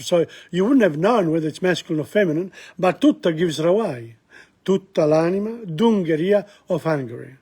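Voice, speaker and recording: Male language teacher, slow and deliberate, slightly husky, explains grammar point by point. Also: high-pitched, a little mellow. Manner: repeats words, breaks down grammar. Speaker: Italian teacher. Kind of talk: explaining song lyrics line by line.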